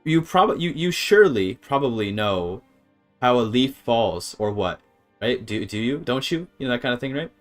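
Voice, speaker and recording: A man's voice: medium pitch, big pitch swings, normal speed, soft background music, lightly acted. Man doing a chatty game character lecturing a boy. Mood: coaxing. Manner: coaxing, repetitive questioning.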